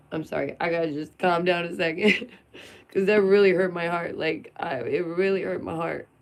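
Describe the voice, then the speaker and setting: Gravelly-voiced woman venting to camera. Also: fairly low pitch, measured pace, pauses often. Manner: emphatic and sarcastic, with rhetorical questions. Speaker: vlogger.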